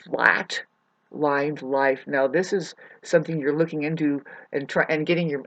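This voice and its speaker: A woman's voice: sits low, slightly rough, highs cut off. A woman ranting to her viewers in a loose, profane monologue. She rambles, restarts her sentences and calls her listeners "babe". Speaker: vlogger. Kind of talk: rambling spoken rant to camera.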